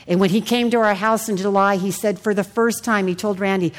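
A middle-aged woman delivers a sermon, weaving her own story into the message. She talks straight to the congregation and often asks them questions. Her voice sits at an ordinary middle pitch for a woman. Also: fairly even intonation, a little fast, few pauses. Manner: personal testimony, audience questions. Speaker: preacher.

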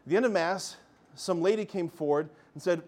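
A man giving a lively Catholic faith talk, telling miracle stories with animation and calling his listeners "guys". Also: sits high, a little fast. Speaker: Catholic speaker.

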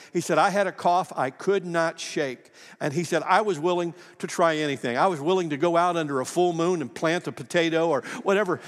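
A middle-aged man preaching from the pulpit, his voice riding high and carrying through the long reverb of a church sanctuary. He tells his story folksily, pokes fun at himself and slips into the voices of the people he quotes, still nursing a lingering cough. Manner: folksy, self-deprecating, acts out quoted dialogue. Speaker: pastor. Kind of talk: sermon with personal storytelling.

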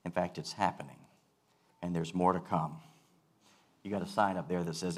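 A male pastor giving a sermon, earnest and measured, repeating key phrases for weight. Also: low-pitched, fairly even intonation, slightly rough.

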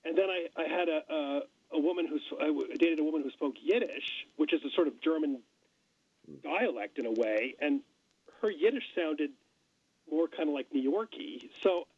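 Husky middle-aged man chatting on radio. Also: on the high side, expressive, normal speed, no room sound. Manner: chatty, musing, many restarts. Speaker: guest. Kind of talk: casual radio conversation. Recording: dull dry radio studio sound.

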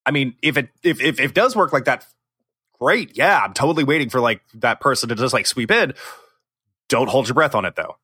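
A man's voice: medium pitch, animated, brisk, sharp tone, slightly rough, no room sound, studio quality. Rambling man co-hosting a podcast. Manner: rambling, many fillers and restarts; teasing. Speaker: podcast co-host. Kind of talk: casual chat. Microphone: remote call recording.

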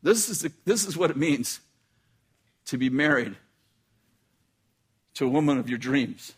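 A man's voice: on the high side, expressive, measured pace, slightly rough. A middle-aged man preaching a storytelling sermon, talking conversationally and often restarting his phrases. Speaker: pastor.

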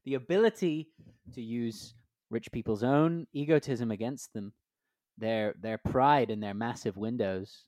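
A man's voice: mid-range voice, unhurried, a little mellow, no echo, studio quality. A man co-hosting a comedy podcast, riffing through playful made-up scenarios with lots of filler. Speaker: podcast co-host.

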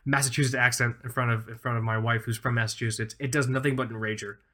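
A man's voice: mid-range voice, fairly even intonation, fast, sharp tone. A man in his thirties co-hosting a casual podcast, rambling enthusiastically with lots of fillers. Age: 30s. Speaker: podcast co-host.

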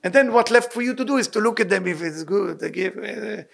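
A man giving an informal Torah lesson, earnest and animated, in broken English. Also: sits high, fairly quick, gravelly. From Libyan Sephardic family. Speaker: rabbi teaching weekly Torah portion.

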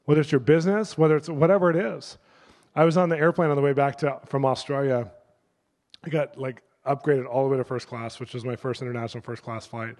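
A middle-aged male pastor preaching a sermon through lively personal stories, acting out the people in them. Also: mid-range voice, fast, long reverb tail. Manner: animated, acts out the people in his stories. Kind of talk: sermon storytelling.

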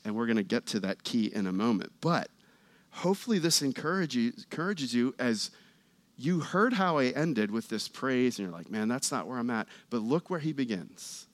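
A man preaching a sermon in a church, talking conversationally and getting louder and more animated as he reads scripture. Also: medium pitch, normal speed, no room sound. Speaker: pastor.

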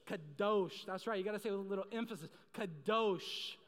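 A man's voice: high voice, level tone, racing, smooth. A young man preaching a sermon in a casual, joking way, telling stories and getting the crowd to join in. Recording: long reverb in a large hall.

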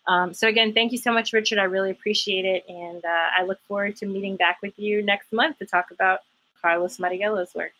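A woman's voice: medium pitch, fairly even intonation, a little fast, bright, forceful tone, low-quality recording. A woman hosting a podcast in casual chat, wry and chatty, with many ums. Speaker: podcast host.

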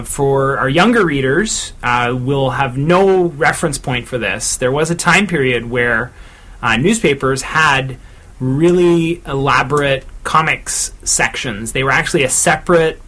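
A man from Canada, a podcast co-host, chatting casually and pausing often with "uh" as he recalls things. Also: a little high, pushed and bright. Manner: chatty, many "uh" pauses while recalling. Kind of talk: casual chat.

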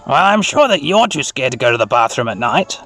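A man's voice: medium pitch, very animated, fairly quick, a bit bright, soft background music. A man voicing a small, childlike dinosaur creature in a game, whiny and blunt. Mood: teasing.

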